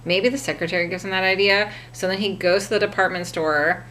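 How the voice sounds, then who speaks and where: A woman's voice: mid-range voice, fairly even intonation, a little fast, sharp tone, slight background noise. A woman casually retelling a film from memory, rambling with frequent fillers and laughs. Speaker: vlogger.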